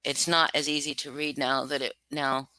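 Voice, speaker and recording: Her low, level voice carries a sharp tone at a moderate pace as she hosts a casual livestream reading stories. The chat is loose, rambling and self-conscious, thick with fillers and restarts, and the recording has no room sound.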